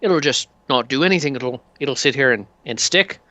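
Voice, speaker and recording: A man's voice: mid-range voice, expressive, moderate pace, sharp tone, no echo. A man narrating a tabletop game as game master, in a loose way with many fillers. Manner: loose, many ums and uhs.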